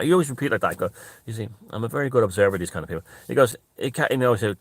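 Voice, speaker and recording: A man's voice: on the low side, expressive, rapid-fire, no room sound. A man telling a rambling story in casual talk, repeating phrases and restarting often. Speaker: author and storyteller.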